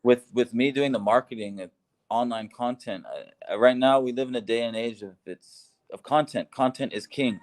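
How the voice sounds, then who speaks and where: A man's voice: mid-range voice, normal speed, darkish tone. A man co-hosting a casual conversation, upbeat and enthusiastic, laughing easily. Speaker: co-host, expat living in Laos.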